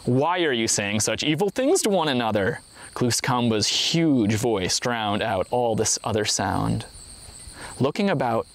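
A man narrating a traditional story aloud in an expressive storytelling manner, with voiced sound effects. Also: mid-range voice. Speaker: reader.

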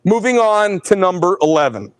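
A middle-aged man hosting a live knife sales show, telling rambling, animated stories between showing each knife. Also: sits high, normal speed, clean tone, no room sound. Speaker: host presenting knives.

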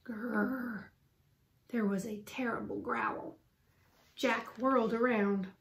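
A woman reading a children's chapter book aloud for students, with clear and expressive storytelling. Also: on the high side, slow pace.

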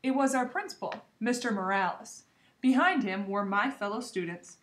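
A woman reading a children's chapter book aloud with lively, expressive storytelling. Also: on the high side, moderate pace, roomy sound. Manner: lively expressive storytelling, voicing the hamster narrator. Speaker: reader.

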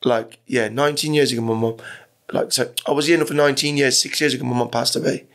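Talking fast, a middle-aged Iranian podcast guest recounts his life story frankly, wandering off track and swearing a lot in a casual interview. His medium-pitched voice is steady in tone and a bit bright.

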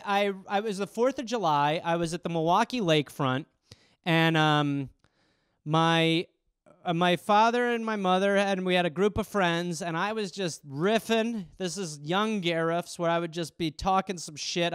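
A man's voice: high-pitched, moderate pace, a bit bright, clean tone, no room sound, studio quality. A man hosting a comedy podcast, riffing in a rambling, profane way. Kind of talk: casual comedic monologue.

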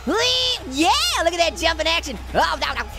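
A woman giving excitable, jokey let's-play commentary as a video game streamer, talking to her viewers as she plays. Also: very high-pitched, moderate pace, over loud music.

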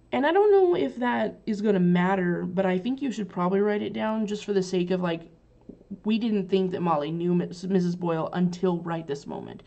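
A woman's voice: on the low side, gravelly, dark tone. A woman teacher casually recapping a play for her students, chatty and loose with lots of fillers. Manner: chatty, paraphrasing lines loosely with many fillers. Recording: dull lo-fi recording.

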